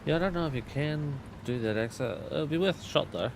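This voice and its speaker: A man's voice: mid-range voice, fairly quick, vocal fry. A man hosting a gaming stream, chatting casually and explaining things with lots of fillers. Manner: relaxed, rambling explanations with fillers. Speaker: streamer and host. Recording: noisy game stream audio.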